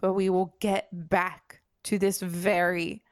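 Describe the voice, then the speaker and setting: A woman's voice: lowish voice, little pitch movement, slow pace, dry recording, studio quality. A young woman co-hosting a podcast, talking in an emotional, emphatic, rambling way. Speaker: podcast co-host. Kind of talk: casual chat.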